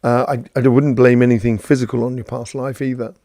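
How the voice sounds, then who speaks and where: Man, gravelly voice, mellow tone, chatty and rambling, live stream host. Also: medium pitch, level tone, brisk, no echo, clean studio sound. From London, England. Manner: rambling, chatty, greets viewers by name, many fillers. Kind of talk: casual spiritual talk answering viewers.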